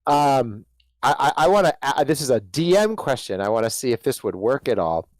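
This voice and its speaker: A man's voice: mid-range voice, sing-song, normal speed, no echo, poor audio. A man playing a tabletop game, hesitant and stammering as he asks the game master questions. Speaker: player. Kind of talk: casual tabletop play.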